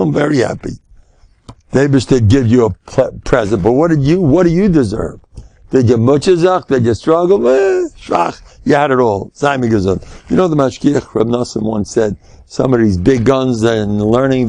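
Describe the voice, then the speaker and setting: An older American rabbi delivers a Torah lecture on faith in a gravelly voice that swings high and low. He tells stories with sudden high exclamations and drops Yiddish and Hebrew words into his talk. The sound is close and dry. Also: darkish tone, no echo.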